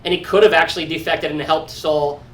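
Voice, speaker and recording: Male pastor, conversational Bible teacher, lively impressions, distant mic. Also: brisk. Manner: animated, acts out quoted lines with sudden high-pitched outbursts; conversational, frequent restarts and asides. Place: church. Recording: distant mic in a room with faint background noise.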